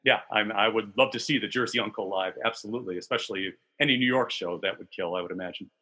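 On his laid-back baseball podcast, a man talks quickly in a husky, breathy, lowish voice that's still bright and forceful. He's chatty and excited, tossing in the odd curse word.

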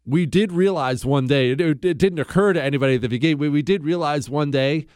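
A man hosting a talk radio show, chatting casually with quick asides and frequent chuckles. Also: a little high, a little mellow, clear, resonant tone, no room sound, clean studio sound. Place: radio studio.

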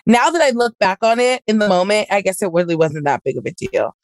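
In a brisk, expressive mid-range voice, a woman hosting a podcast chats casually and tells a story, playing both parties in an argument. The audio has no echo.

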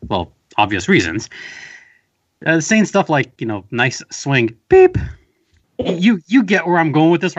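A man from Southern California chats casually on a podcast as a guest, telling a rambling, wry story packed with fillers. His voice is mid-range and a bit bright, though the audio sounds dull.

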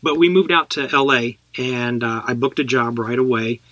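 A man's voice: mid-range voice, moderate pace, bright, forceful tone, dry recording. A middle-aged man from Texas, an actor guest telling anecdotes in a casual podcast chat, laughing as he talks.

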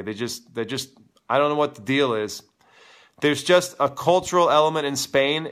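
A man's voice: mid-range voice, clean tone. A man hosting a live tennis show, talking casually and with strong opinions while he answers viewer comments. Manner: animated, opinionated, teasing.

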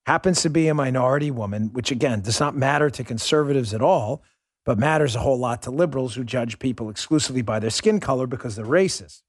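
A man's voice: medium pitch, fast talker, dry recording, studio quality. A man hosting a political commentary show, ranting in a heated, sarcastic way. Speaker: podcast host.

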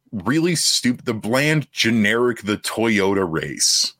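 A man's voice: medium pitch, very animated, measured pace, a bit bright, no room sound, studio quality. A young man co-hosting a casual sports podcast, riffing animatedly on ideas. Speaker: podcast co-host.

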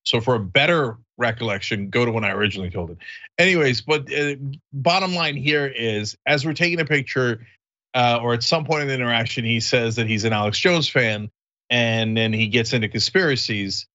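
A man's voice: medium pitch, fairly quick, sharp tone, highs cut off. A man hosting a casual podcast chat over a remote call, chatty and laughing often as he acts out the people in his stories. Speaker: host.

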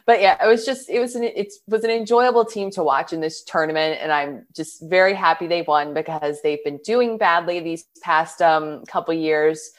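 A woman's voice: deep voice, normal speed, hardly any pauses. Opinionated woman in casual sports chat. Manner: eager, opinionated sports talk.

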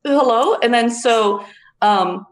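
A woman's voice: a little high, a little fast. A young woman telling a story in casual chat, blunt and full of swearing.

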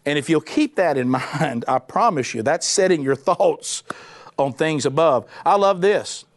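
A middle-aged man, a former radio host, preaching a sermon in an animated, conversational way with punchy repetition. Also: on the high side, a little slow.

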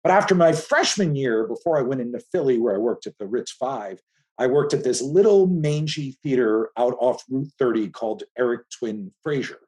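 Animated man in his fifties telling stories. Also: mid-range voice, moderate pace. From Philadelphia area. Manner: animated storytelling with frequent restarts. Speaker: filmmaker guest. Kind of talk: casual conversation.

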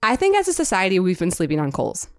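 A woman's voice: fairly low pitch, wildly swooping pitch, fast, darkish tone, dry recording, studio quality. A young adult woman co-hosting a podcast in casual chat, rambling along with heavy use of "like.". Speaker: podcast co-host.

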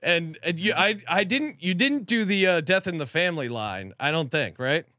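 A man co-hosting a podcast in a studio, telling stories in an animated way and laughing often. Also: a little high, normal speed, dry recording. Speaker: podcast co-host. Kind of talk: casual sports betting chat.

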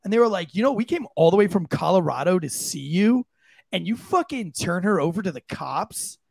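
A man co-hosting a podcast, telling a story in a casual, animated way and jumping into high voices for the people he quotes. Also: fairly quick, creaky, breathy edge, dry recording. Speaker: podcast co-host.

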